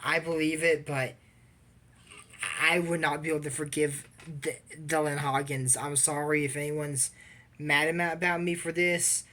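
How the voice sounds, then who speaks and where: Casual anime recap vlogger, bright tone, rambling, fillers everywhere, strong opinions. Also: mid-range voice.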